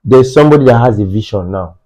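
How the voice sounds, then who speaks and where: A man's voice: mid-range voice, lively intonation, fast talker, warm tone, poor audio. A man with a Nigerian accent talking emphatically in a casual podcast chat, often slipping into Pidgin.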